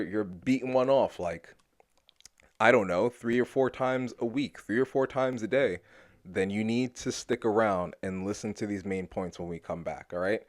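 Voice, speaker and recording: A man's voice: on the low side, no room sound, studio quality. A man hosting a solo podcast, talking loosely and profanely to his listeners with plenty of restarts. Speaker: podcast host. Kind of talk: casual solo podcast monologue.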